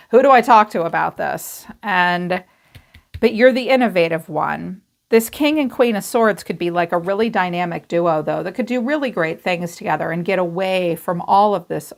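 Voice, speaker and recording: A woman's voice: medium pitch, gravelly. A woman giving a casual tarot reading, talking candidly and chattily and swearing freely. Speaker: tarot reader.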